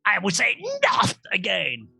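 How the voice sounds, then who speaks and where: A man's voice: sits high, very animated, unhurried, vocal fry, pushed and bright, breathy edge, soft background music, full character voice. Man putting on a grumpy half-troll shopkeeper. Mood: exasperated.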